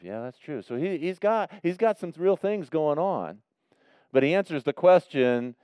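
A man preaching a sermon in a church, swinging between loud emphatic questions and soft, quiet prayer. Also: mid-range voice, expressive, moderate pace, clear, resonant tone, no room sound, muffled recording. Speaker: pastor.

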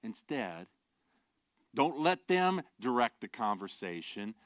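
A pastor preaching a sermon, earnest and direct, shifting from quiet, low asides to loud, emphatic declarations and rhetorical questions. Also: male voice, sing-song, slow pace, dry recording, clean studio sound. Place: church.

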